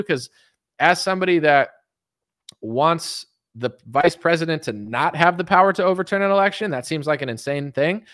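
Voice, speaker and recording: A young man with a fairly high voice rants about politics, blunt and emphatic, circling back over the same points and swearing freely. The sound is dry and close, with almost no room echo. He talks in loose, unscripted runs. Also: lively intonation, a little fast, fairly bright tone. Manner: rambling, emphatic, blunt, swears, repeats himself. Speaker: political commentator.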